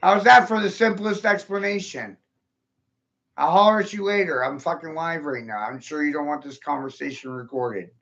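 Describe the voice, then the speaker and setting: A man's voice: fairly high pitch, moderate pace, gravelly, a bit bright, lo-fi sound. A man ranting angrily and profanely on a live stream, agitated and upset. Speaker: livestreamer. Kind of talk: angry live-stream rant.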